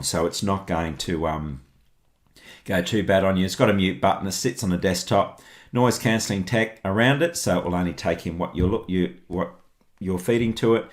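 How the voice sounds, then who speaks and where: A man reviewing microphones in a casual product walkthrough, chatty and relaxed, thinking aloud as he shows each one. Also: deep voice.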